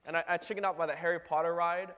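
A young man in a casual storytelling monologue, animated and full of filler words, acting out ride noises. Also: a little high, racing, clear, resonant tone, muffled recording. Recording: long hall reverb.

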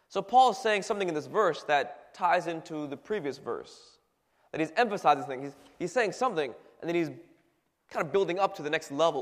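A man giving a relaxed, conversational sermon as a youth pastor, with plenty of "you know", "like" and restarts as he explains scripture. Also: a little high. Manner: conversational, many fillers and restarts. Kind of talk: casual sermon. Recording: long reverb in a hall.

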